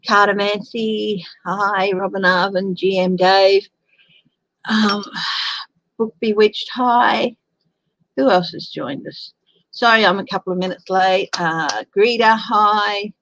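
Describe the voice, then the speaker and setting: Slow, tired Australian woman chatting. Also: mid-range voice, fairly even intonation, fairly bright tone, dry recording, rough recording. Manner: slow, tired, chatty, sighing between remarks. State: tired from lack of sleep. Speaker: tarot livestream host. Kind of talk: casual chat with live viewers.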